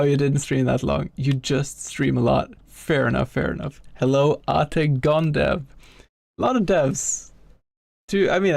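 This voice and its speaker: A man's voice: a little high, creaky, darkish tone, no echo, studio quality. A young man streaming live as a game developer, chatting with viewers, greeting them by name and muttering to himself while he works.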